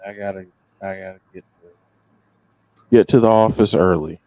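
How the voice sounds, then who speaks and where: A man's voice: deep voice, normal speed, darkish tone, no room sound, poor audio. A man co-hosting a wrestling podcast in casual chat, chiming in with brief, dry interjections. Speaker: podcast co-host.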